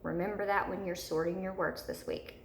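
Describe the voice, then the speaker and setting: A woman teacher giving a slow, repetitive recorded video lesson to third graders. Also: lowish voice, fairly even intonation, creaky, echoey room, slight background noise.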